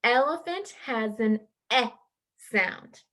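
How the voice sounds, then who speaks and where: A young woman teaching young children a phonics lesson over a video call, in a slow, clear, sing-song call-and-response. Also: on the high side, animated, pushed and bright. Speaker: kindergarten teacher.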